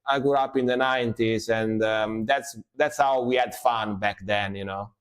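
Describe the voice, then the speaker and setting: A man's voice: lowish voice, fairly even intonation, normal speed, clear, resonant tone. Chatty man reacting to metal. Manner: chatty, laughs often, repeats phrases. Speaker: music reaction streamer. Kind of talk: casual live reaction chat.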